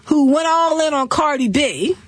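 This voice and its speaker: A woman hosting a talk show, riffing through celebrity gossip with sassy, animated commentary and quick laughs. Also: high-pitched, dry recording. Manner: animated, sassy storytelling with laughs and mock voices.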